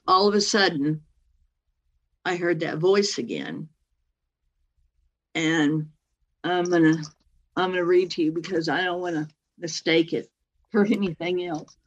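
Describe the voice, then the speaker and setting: A rather low-pitched woman recounts her own story as an interview guest, rambling and circling back with fillers and "anyway". She keeps slipping into the voices of the people she quotes. The recording sounds dull and lo-fi. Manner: animated, acts out other people's words in quotes. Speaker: guest telling a personal story. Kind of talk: personal testimony storytelling.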